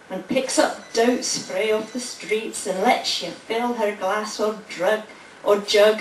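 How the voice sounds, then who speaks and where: A woman's voice: medium pitch, recorded from a distance, slight background noise. New woman reading aloud in an echoey hall. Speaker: library event host and poem reader. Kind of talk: live public poetry reading and thanks. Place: library hall at a lunchtime public event.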